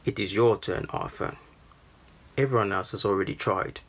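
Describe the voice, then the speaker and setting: A man voicing a stern, sorrowful older father in a storybook reading, speaking in a grave, measured way with a husky voice. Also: lowish voice, a bit bright.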